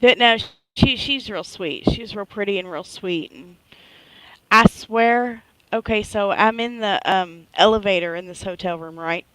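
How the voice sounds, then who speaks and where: Woman, middle-aged, casual live-stream storytelling, smooth clear voice, dry close sound. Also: medium pitch, unhurried, dry recording, poor audio. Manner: chatty, animated retelling with frequent "right?".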